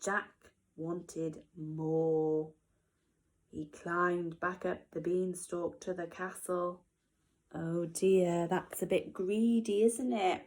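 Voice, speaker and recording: A woman, a nursery teacher, reading a storybook to young children expressively, with gasps and hushed whispers. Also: on the low side, fairly even intonation, extremely slow, poor audio.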